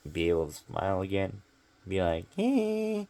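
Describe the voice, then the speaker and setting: Low gravelly man rambling through a story. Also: measured pace, darkish tone. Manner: rambling, filler-heavy, profane. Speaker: vlogger telling a story. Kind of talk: casual storytelling monologue.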